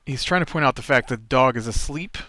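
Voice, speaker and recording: A man's voice: medium pitch, fast talker, sharp tone, a little hiss or hum. A man hosting a let's play, chatting casually over gameplay in a rambling, nitpicky way with many fillers.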